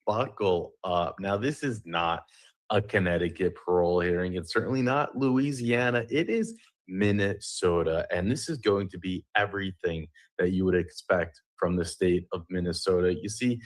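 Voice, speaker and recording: Sarcastic low-voiced male YouTube narrator. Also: lively intonation, moderate pace. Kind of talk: scripted video narration.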